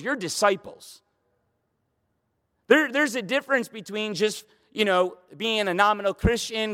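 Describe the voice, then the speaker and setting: A man preaches to his congregation, his voice sitting high for a man. He builds to emphatic, repeated questions, and his words hang in the long reverb of the church hall. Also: a bit bright. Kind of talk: sermon.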